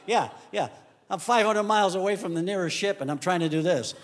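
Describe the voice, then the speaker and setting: A male comedian telling animated stand-up stories on stage, acting out the people in them. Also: high voice. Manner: animated storytelling, acts out characters in quick asides. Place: comedy stage before a live audience. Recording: live club recording with audience noise.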